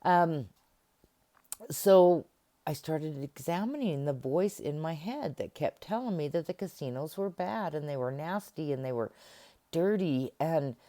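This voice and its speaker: A woman's voice: sits low, dark tone. A middle-aged woman giving a casual self-help talk to camera, acting out remembered conversations as she goes. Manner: conversational, acts out remembered dialogue.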